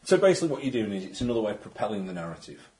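A man's voice: on the low side, very animated, very fast, a little mellow, rough recording. A man running a tabletop game, explaining rules and recapping the story in a rambling, chatty way. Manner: rambling, chatty, frequent restarts. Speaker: game master.

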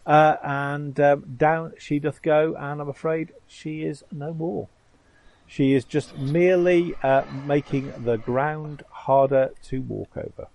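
A man's voice: a little high, steady tone, darkish tone, poor audio. A man running a tabletop game as game master, hesitant and full of ums as he describes the combat. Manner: halting, full of ums and uhs.

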